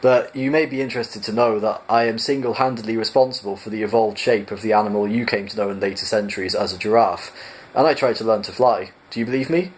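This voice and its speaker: A man voicing an excitable alien traveler who talks urgently and insistently, as in a fan audiobook reading. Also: fairly low pitch, quick pace, a little hiss or hum, natural voice, low-quality recording. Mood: eager.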